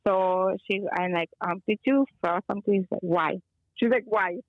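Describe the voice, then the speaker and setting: This Chicago caller is an energy healer chatting casually as a guest, wandering through a story and mixing in bits of Spanish. She speaks at a normal speed in a medium pitch. The call audio is narrow and tinny, with no echo.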